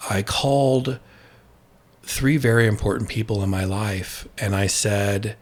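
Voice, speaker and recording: Husky man sharing candid recovery story. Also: on the low side, measured pace. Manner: candid, tells personal story with quoted dialogue. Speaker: addiction expert guest. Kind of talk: podcast conversation.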